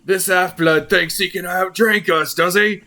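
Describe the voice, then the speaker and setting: A man voicing a rowdy, drunken male dwarf who taunts loudly. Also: sits high, fairly even intonation, a little slow, pitched above the performer's own voice, exaggerated voice. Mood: taunting.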